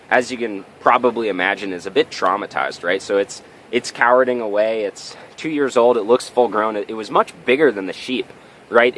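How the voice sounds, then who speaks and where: A man's voice: on the low side, a bit bright, slight background noise. A man giving a motivational vlog talk, telling a story and often checking in with tag questions. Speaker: vlogger.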